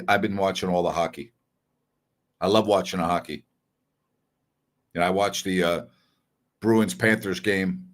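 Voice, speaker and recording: A man hosting a sports talk show, giving blunt, opinionated commentary in a casual, conversational way. He repeats his points for emphasis and takes back his own harsh words. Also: deep voice. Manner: conversational, with fillers and self-corrections.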